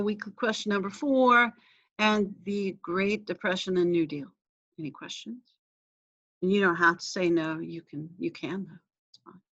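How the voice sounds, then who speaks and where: A woman's voice: mid-range voice, a bit bright. Woman instructor, casual lecture, talks to herself while hunting files, muffled lo-fi sound. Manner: chatty, self-interrupting, thinking aloud while clicking through files. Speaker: history instructor. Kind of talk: casual recorded class lecture.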